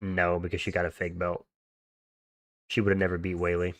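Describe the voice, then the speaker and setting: A man's voice: low-pitched, completely flat delivery, brisk, a bit bright, no room sound. A young man hosting a livestream, chatting casually and answering viewer comments in slangy, offhand talk. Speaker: livestream host.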